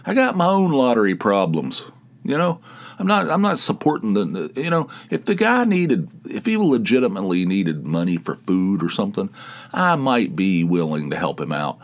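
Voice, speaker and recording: A man hosting his own podcast, telling rambling, animated stories in casual chat and laughing at them. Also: mid-range voice. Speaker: podcast host. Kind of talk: casual solo storytelling.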